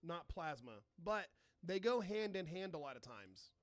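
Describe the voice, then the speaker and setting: Hosting a live astronomy stream, a man with a high, sing-song voice chats casually at an unhurried pace, swearing now and then. He reads out viewer comments and answers them, turning sarcastic with trolls, and there's no echo.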